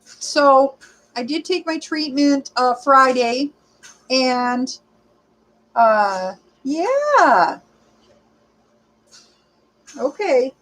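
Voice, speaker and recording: Chatty high-voiced woman in her forties. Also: big pitch swings, drawn-out words, long pauses, a bit bright, poor audio. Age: 40s. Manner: rambling, chatty, greets viewers by name, frequent fillers. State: short of breath at times. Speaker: livestreaming rideshare vlogger. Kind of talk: casual livestream chat reading comments.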